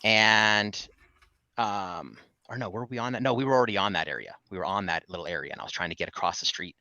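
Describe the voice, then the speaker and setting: A man's voice: on the low side, quick pace, pushed and bright, no room sound. A man who audits in public, talking casually and telling a rambling, self-correcting story. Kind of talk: casual video talk. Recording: dull, lo-fi clip.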